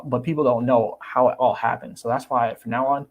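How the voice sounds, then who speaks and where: A man's voice: mid-range voice, steady tone, a little fast. A young man chatting casually on his livestream about crypto. He talks animatedly, repeats himself and acts out the people he quotes. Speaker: crypto YouTuber.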